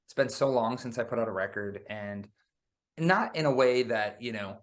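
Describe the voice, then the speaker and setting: Animated musician chatting, says "man" a lot. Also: medium pitch, normal speed. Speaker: guest musician. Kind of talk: casual interview chat.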